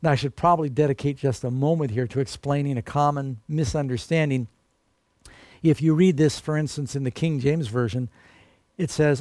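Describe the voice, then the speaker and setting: A man's voice: medium pitch, normal speed, a little mellow, no room sound. A man preaching a sermon in an earnest, emphatic way and calling his listeners friends.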